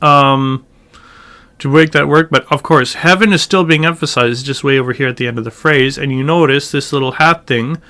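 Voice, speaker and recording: Smooth-voiced man teaching chant. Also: medium pitch, normal speed. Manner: relaxed, thinks aloud with fillers, breaks into sung chant phrases. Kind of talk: casual tutorial explaining and singing chant.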